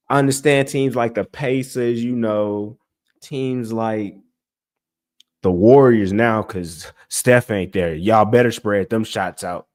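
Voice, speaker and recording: A young man hosting a casual sports livestream, talking straight to his chat in an animated, exasperated way. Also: mid-range voice. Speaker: sports podcast host.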